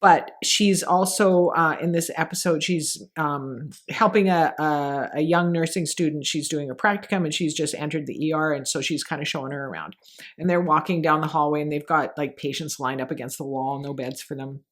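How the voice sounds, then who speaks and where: Middle-aged female co-host, lower voice, animated storyteller who acts out scenes. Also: moderate pace. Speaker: podcast co-host. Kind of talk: casual chat.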